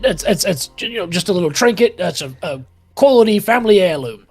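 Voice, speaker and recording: A man voicing a cowardly old male gnome tinkerer and mayor, talking in a high, whiny, panicky voice. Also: lively intonation, a little fast, slightly rough, heavily acted. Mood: wheedling.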